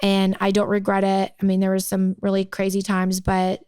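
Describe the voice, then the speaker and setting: A woman in her thirties, from the United States, co-hosting a podcast and telling a story in a casual, animated way, peppered with "like". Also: medium pitch, moderate pace, clean tone, no room sound. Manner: animated, acts out quoted people, frequent "like". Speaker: podcast co-host.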